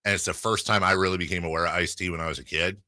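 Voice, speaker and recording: Excitable male sports radio host. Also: sits low, no room sound. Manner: animated storyteller, excitable, quick asides. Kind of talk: casual sports talk banter. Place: radio studio.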